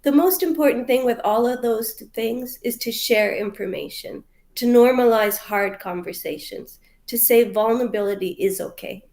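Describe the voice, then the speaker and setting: A woman's voice: fairly high pitch, normal speed, a little mellow. A woman from Canada, a mental health coach, answering interview questions in a hesitant, heartfelt way full of fillers over a video call.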